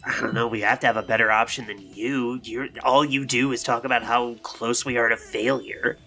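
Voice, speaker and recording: A man's voice: mid-range voice, fairly even intonation, moderate pace, sharp tone. A man voicing a frustrated young woman mecha pilot in a tabletop game, impatient and exasperated.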